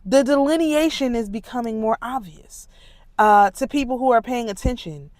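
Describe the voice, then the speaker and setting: A woman talking casually and emphatically in an indignant, animated monologue, with a congested voice. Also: a little high, normal speed, dry recording. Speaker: spiritual commentator.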